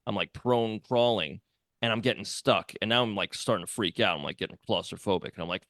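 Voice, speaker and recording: A man's voice: mid-range voice, a little fast, a bit bright, dry recording. A man co-hosting a casual podcast, spinning a long story with plenty of swearing and laughter. His voice sits in the middle of the male range. It is recorded close and dry, with no room around it. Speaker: podcast co-host. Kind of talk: casual chat.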